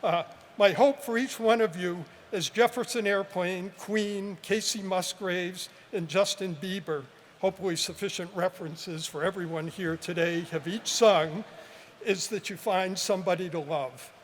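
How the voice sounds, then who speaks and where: A man in his seventies, high-pitched for a man, delivers a measured, heartfelt commencement speech with touches of gentle humor. He speaks into a podium mic at an outdoor ceremony, and the sound carries a long, lingering reverb with faint background noise. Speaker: professor giving a commencement address.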